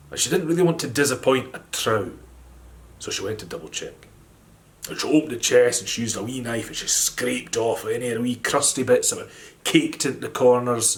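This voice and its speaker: A man with a Scottish accent telling a folk tale in a gentle, animated storytelling manner. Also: medium pitch. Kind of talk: storytelling narration.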